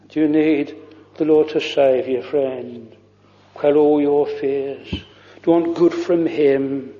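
A man's voice: a little high, fairly even intonation, takes it slowly, warm tone, big-room sound, muffled recording. A man preaching a fervent, old-fashioned sermon, weaving hymn lines into his words. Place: church.

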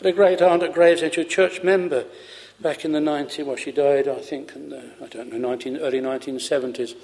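A man's voice: a little high, steady tone, fast, vocal fry, darkish tone. An older man preaching an earnest, fervent sermon in old-fashioned scriptural language, then closing in prayer.

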